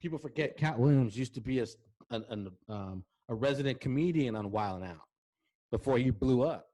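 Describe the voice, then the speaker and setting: A man's voice: mid-range voice, fairly quick. Chatty male host telling anecdotes. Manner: lively anecdotes, keeps checking in with "right?". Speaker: talk show host. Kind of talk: casual storytelling interview chat.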